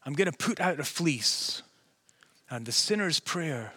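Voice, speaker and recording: A man from Scotland with a softened Scottish accent that is partly American, preaching an earnest, conversational sermon and asking his listeners rhetorical questions. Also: a little high, animated, measured pace, breathy edge, dry recording. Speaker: pastor.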